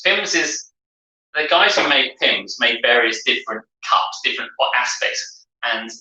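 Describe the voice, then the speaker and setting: A man's voice: mid-range voice, animated, unhurried, sharp tone. A man with a southern English accent co-hosting a casual live-streamed chat, rambling on as he explains things at length. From southern England. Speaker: co-host. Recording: roomy sound from a distance off the mic.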